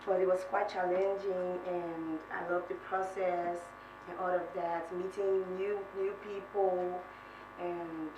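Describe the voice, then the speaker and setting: Woman contestant telling her story, sounds far away in an echoey room with noise behind. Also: fairly low pitch. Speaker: reality show contestant.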